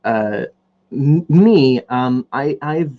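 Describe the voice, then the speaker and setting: A man's voice: mid-range voice, lively intonation, drawn-out words, lo-fi sound. A man hosting a podcast in a casual, rambling chat while he paints, joking at his own expense. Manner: rambling, jokey, self-deprecating. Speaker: podcast host.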